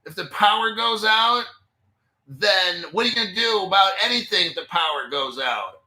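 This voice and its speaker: Guy doing a crypto stream, blunt and fed up, tense bright voice, kinda higher pitched, echoey room. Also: lively intonation, normal speed. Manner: blunt, exasperated, talks straight to viewers. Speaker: crypto channel host. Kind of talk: casual livestream commentary.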